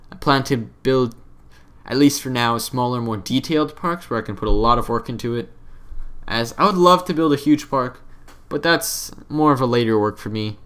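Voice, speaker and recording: A man's voice: mid-range voice, normal speed, a bit bright. A young man giving casual, rambling commentary over his own game footage, offhand and self-deprecating. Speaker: let's play commentator.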